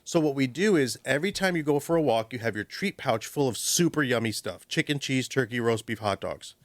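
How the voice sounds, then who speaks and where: A man who trains dogs, giving lively advice on a radio call-in show, often acting out owners and dogs in quick little voices. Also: mid-range voice, no echo. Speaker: dog trainer guest. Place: radio studio. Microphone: studio microphone.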